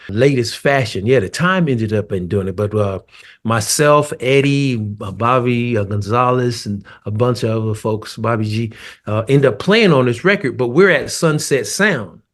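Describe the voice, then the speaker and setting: A middle-aged man, a drummer guest, telling stories in a loose, animated way with laughs. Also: mid-range voice, moderate pace. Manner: animated storyteller, laughs and acts out scenes. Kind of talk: casual storytelling chat.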